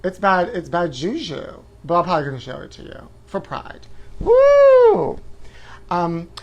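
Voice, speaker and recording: A man hosting a live-stream chat show, campy and flamboyant, calling viewers honey and letting out shrill woos. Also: moderate pace, a bit bright, dull audio. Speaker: host.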